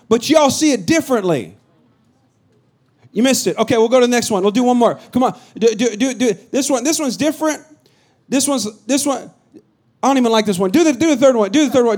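A middle-aged man from the Bay Area preaching a sermon as pastor, animated and joking with his congregation. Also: very high voice, brisk. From San Francisco Bay Area. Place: church hall with a congregation.

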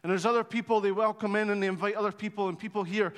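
A man preaching a sermon, telling stories in an animated, conversational way with touches of humour. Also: high-pitched, quick pace, hardly any pauses. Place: church hall. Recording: long hall reverb.

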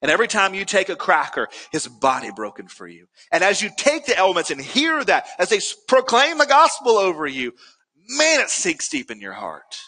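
Guy preaching a sermon, fairly high bright voice, gets real emphatic, big hall echo. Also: huge pitch swings, fairly quick. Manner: earnest, builds to emphatic peaks. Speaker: pastor.

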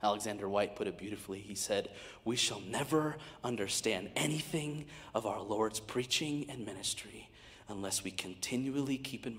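A man preaching a sermon as guest speaker, swinging from hushed whispers to loud, fervent outbursts. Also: on the low side, normal speed, in a large hall.

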